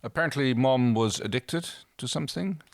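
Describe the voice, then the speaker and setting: A man's voice: mid-range voice, moderate pace, gravelly, no echo. A man co-hosting a podcast, recapping an episode in casual, chuckling, agreeable chat. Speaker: podcast co-host.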